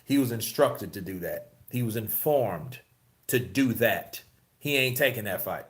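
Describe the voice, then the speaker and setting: A man's voice: lowish voice, animated, a little slow. A man hosting a casual live-stream about boxing news, swearing, laughing and reading the chat. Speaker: host.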